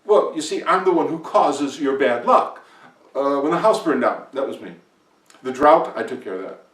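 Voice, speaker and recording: A man's voice: a little high, animated, moderate pace, a bit bright. A man voicing a filthy, cheerful male bad-luck creature that boasts smugly, in an echoey room from far off. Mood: gloating. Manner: smug, gleeful boasting.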